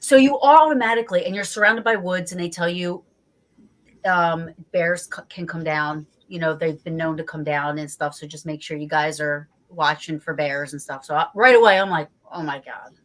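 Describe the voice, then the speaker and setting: A guest investigator from New Jersey tells a story in a casual interview, her slightly low voice animated at a moderate pace. She swears freely and acts out her own reactions along the way.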